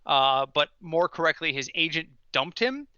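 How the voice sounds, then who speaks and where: Bright, high-voiced man telling animated stories. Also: normal speed, clear, resonant tone, no room sound, muffled recording. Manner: animated storyteller, wry and ranting. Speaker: podcast co-host. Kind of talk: casual sports chat.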